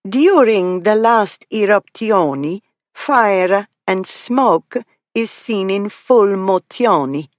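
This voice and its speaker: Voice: medium pitch, animated, slow, no echo, voice pushed up. A narrator voicing a playful young lady who fakes overdone Italian and French accents, drawing out each word. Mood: mock-grand.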